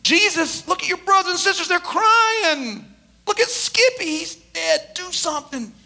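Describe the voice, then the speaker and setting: A man's voice: extremely high pitch, animated, unhurried, vocal fry, sharp tone, voice pushed up, exaggerated voice. A man doing a nagging, exasperated mother. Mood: pleading. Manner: insistent, scolding.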